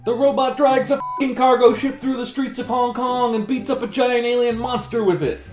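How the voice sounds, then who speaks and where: A man playing an excitable, easily impressed movie fan who swears gleefully in a comedy sketch. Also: fairly high pitch, normal speed, roomy sound, soft background music, voice pushed up. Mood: excited. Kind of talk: comedic self-debate sketch.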